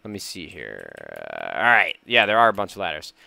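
Excitable man narrating his gameplay. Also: low voice, brisk, vocal fry, no echo. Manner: excitable, nervous, talks to himself and viewers. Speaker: gaming YouTuber. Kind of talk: let's play commentary.

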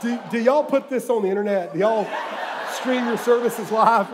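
A middle-aged preacher with a high, bright voice works the room like a storyteller. He drops into hushed asides, then bursts out loud for the punchlines of his jokes. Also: normal speed, a crowd in the background, background noise. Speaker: guest preacher. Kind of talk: sermon. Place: church sanctuary with live audience.

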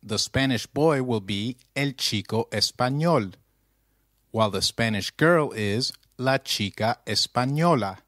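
A man's voice: mid-range voice, lively intonation, a little slow, fairly bright tone, no room sound, clean studio sound. A man narrating a scripted language lesson, speaking carefully and repeating phrases for the learner to say back. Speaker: language teacher.

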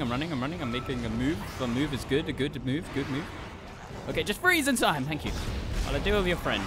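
Jumpy, shrieking gamer. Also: male voice, on the high side, background noise. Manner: excitable, swearing, shrieking when scared. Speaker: gaming YouTuber. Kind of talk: horror game let's play commentary. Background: game music.

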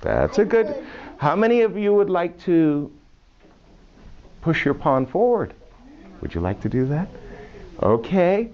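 Unhurried and pausing often, a man with a very animated, high-leaning voice leads a classroom chess lesson for kids, quizzing them playfully. The recording is a muffled classroom video with a faint hiss.

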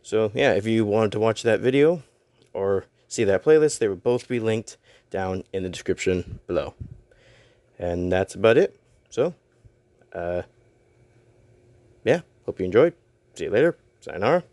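Young male vlogger, low-pitched, dry close mic, rambling and self-deprecating. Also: animated, a little slow, long pauses, a little mellow, no room sound. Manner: rambling, self-deprecating, stumbles over words. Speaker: YouTuber and voice actor. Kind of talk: casual announcement vlog.

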